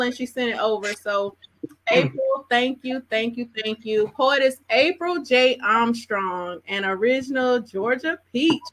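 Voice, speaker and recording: A woman's voice: on the high side, moderate pace, fairly bright tone. A woman hosting a live open mic, talking casually and chattily and laughing between introductions. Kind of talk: casual live emcee talk.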